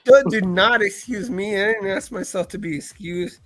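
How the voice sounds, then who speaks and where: A young man chatting casually on a live stream, telling stories with lots of fillers and shouting out quoted lines. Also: sits high, normal speed. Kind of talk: casual chat. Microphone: live stream call mic.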